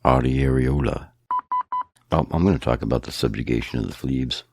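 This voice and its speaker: Male podcast co-host, very low and gravelly, dry deadpan humor. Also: moderate pace, loud music behind the voice. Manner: deadpan joking. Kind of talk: casual chat.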